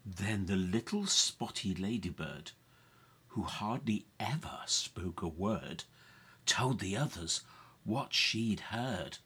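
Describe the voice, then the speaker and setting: A woman reading a rhyming children's picture book aloud, with a lilting, expressive delivery. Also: extremely low pitch, slow, a little hiss or hum. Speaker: storyteller.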